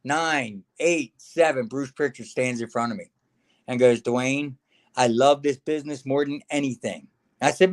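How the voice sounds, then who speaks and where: With a slightly high voice at a moderate pace, a middle-aged ex-wrestler recounts stories from his career in a relaxed interview. He performs the quotes of others with animation, frequently addressing the listener as brother or man.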